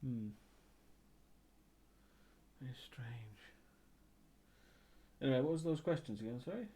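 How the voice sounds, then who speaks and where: A male streamer talks off the cuff to his audience in a relaxed, meandering way. He hesitates often and circles back to finish his thoughts. His voice sits at an ordinary middle pitch. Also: unhurried, husky. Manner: rambling and hesitant, with many ums and restarts. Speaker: live streamer. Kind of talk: casual chat answering viewer questions.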